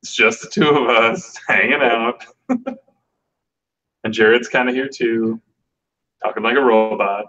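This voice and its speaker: A man hosting a casual online hangout, rambling and halting with lots of fillers. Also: medium pitch, sharp tone. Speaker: host. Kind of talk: casual chat. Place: online video call. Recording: dull lo-fi audio.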